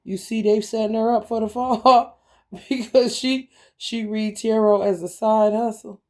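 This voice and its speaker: A woman's voice: on the high side, steady tone, unhurried. A woman giving a casual spiritual tarot reading, blunt and profane, talking emphatically and often laughing. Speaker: tarot reader.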